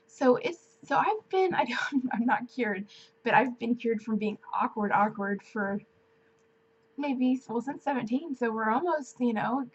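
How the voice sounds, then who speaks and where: A woman's voice: on the high side, animated, unhurried, dull audio, slight background noise. A woman in her twenties telling a personal story to camera in a chatty, casual way, full of fillers like "like" and "um". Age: 20s. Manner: chatty, filler-heavy, many "like"s and "um"s. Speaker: vlogger.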